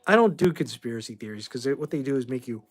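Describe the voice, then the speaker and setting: Talking fast in an animated, mid-range voice, a Boston host in his forties runs a casual livestream chat. He fields viewer questions offhandedly, rambling and offering blunt opinions.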